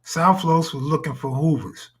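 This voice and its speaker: A man's voice: on the high side, fairly even intonation, normal speed. A man hosting a live stream in casual talk, full of crude, boastful joking banter.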